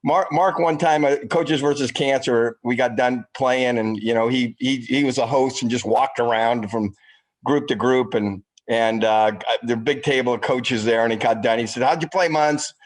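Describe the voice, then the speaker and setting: A man's voice: mid-range voice, fairly even intonation, moderate pace. Middle-aged male coach telling a loose, rambling anecdote on a podcast. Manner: rambling, with frequent restarts. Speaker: basketball coach guest.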